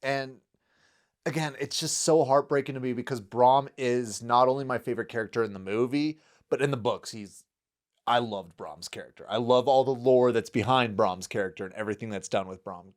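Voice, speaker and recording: A man's voice: mid-range voice, a little fast. Enthusiastic man co-hosting a film chat. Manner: enthusiastic, laughs often, acts out quotes. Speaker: podcast co-host. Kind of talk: casual film discussion.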